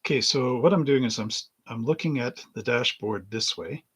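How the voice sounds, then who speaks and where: A man's voice: medium pitch, moderate pace, a bit bright, slightly rough. A middle-aged man hosting a model-building livestream, rambling through anecdotes in casual chat and chuckling often as he works at his bench.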